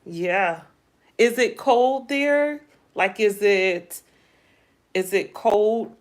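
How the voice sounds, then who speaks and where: A middle-aged woman hosting a casual livestream, chatting with viewers, asking them lots of questions in a playful, drawn-out way. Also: mid-range voice. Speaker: livestream host. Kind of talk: casual livestream chat reading viewer comments.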